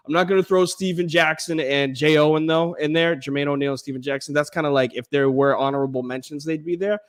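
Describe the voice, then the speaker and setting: Animated, profane male podcast host. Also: on the high side, a little fast, hardly any pauses. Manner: animated, profane, laughs often. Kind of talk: casual sports chat.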